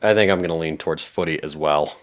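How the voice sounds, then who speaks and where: Deep voiced guy on a podcast, dry, thinks out loud. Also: quick pace. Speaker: podcast panelist. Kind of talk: casual podcast chat.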